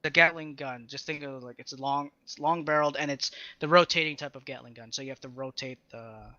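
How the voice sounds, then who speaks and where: A young man running a tabletop game as game master, describing the scene in halting bursts with many fillers. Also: mid-range voice, pushed and bright, no echo. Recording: dull lo-fi dry recording.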